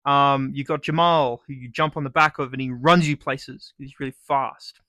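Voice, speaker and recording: Bright, sweary young Australian guy. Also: mid-range voice, normal speed, no echo, clean studio sound. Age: young adult. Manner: sweary, sarcastic, animated. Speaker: vlogger. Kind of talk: comedic rant.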